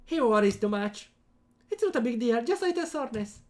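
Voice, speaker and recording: A man voicing a bubbly, energetic teenage girl who pouts and teases, reading a visual novel aloud. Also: very high-pitched, normal speed, voice pushed up. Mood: pouty. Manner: bouncy, pouting, playful.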